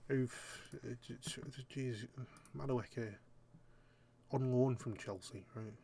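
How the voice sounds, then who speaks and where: A young man talks his way through a game session in a loose, chatty manner, tossing out jokes and half-muttered remarks to himself. His voice sits at an ordinary middle pitch for a man. A faint hiss runs underneath. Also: steady tone, slow, gravelly, warm tone. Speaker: gaming YouTuber. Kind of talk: casual gameplay commentary.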